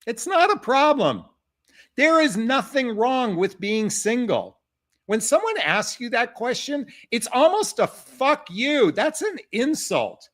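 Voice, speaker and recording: A man's voice: extremely high pitch, wildly swooping pitch, unhurried, a bit bright. A middle-aged man giving dating advice straight to camera, impassioned and emphatic, often calling his viewers "folks". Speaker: dating coach. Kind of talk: direct-to-camera advice talk.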